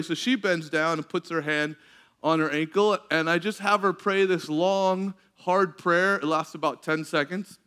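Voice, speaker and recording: A man preaching, telling a story with animated delivery, often laughing and acting out what people said. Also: fairly high pitch, a little slow, clean tone. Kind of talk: sermon storytelling.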